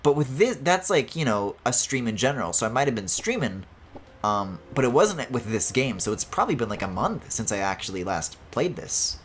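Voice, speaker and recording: A man commentates his own gameplay in a lively, rambling way, his voice leaping up and down in pitch as he jokes and tells stories. He swears casually and laughs often. A faint noise floor sits under the voice. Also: brisk. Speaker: streamer. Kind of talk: casual let's-play commentary.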